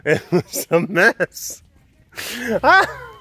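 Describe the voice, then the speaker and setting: A man's voice: medium pitch, expressive, moderate pace, fairly bright tone, dry recording. A man hosting a podcast, telling a story in casual chat, rambling with many restarts and chuckling often. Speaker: podcast host.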